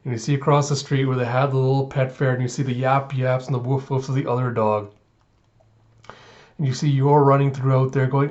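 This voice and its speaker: A man hosting his own reaction channel, retelling a story in an animated way and laughing often. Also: mid-range voice, fairly quick, highs cut off. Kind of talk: casual reaction commentary.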